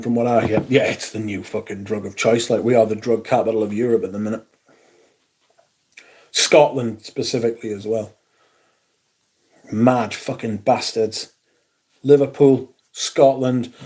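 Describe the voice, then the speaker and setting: A man's voice: mid-range voice, darkish tone. Middle-aged man, livestream host, sweary and rambling. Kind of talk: casual livestream chat.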